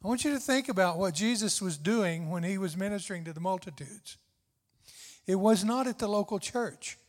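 A man's voice: high-pitched, animated, normal speed. An older man preaching a sermon with fervent, tender, repetitive emphasis. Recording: long hall reverb.

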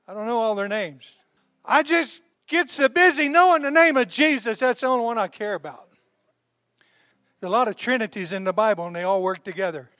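A man preaching a sermon in an animated, folksy way, hammering points through repetition. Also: sits high, brisk, no echo, studio quality. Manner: folksy, calls listeners honey. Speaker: pastor.

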